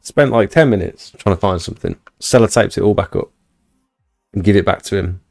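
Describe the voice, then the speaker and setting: A man's voice: fairly low pitch, fairly quick, vocal fry, a little mellow, faint music behind. A man, hosting a livestream and telling a rambling, chatty story to his viewers at home. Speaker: livestream host. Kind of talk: casual storytelling to a live chat. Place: indoors at home.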